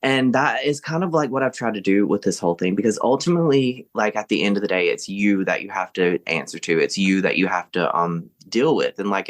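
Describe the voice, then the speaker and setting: Cheerful Mississippi man, low voice. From Southern United States. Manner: cheerful, laughs often, reflective. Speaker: guest. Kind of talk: casual interview chat.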